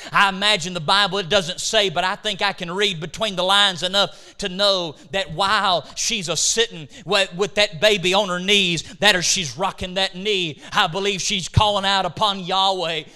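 A man's voice: high voice, sharp tone, clean tone. A middle-aged man preaching a sermon, retelling scripture scenes with dramatic, emphatic storytelling.

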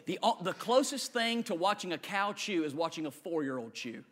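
High bright-voiced shouting preacher man. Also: lively intonation, normal speed. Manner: preaching, swings from loud shouting to low quiet asides. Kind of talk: energetic sermon.

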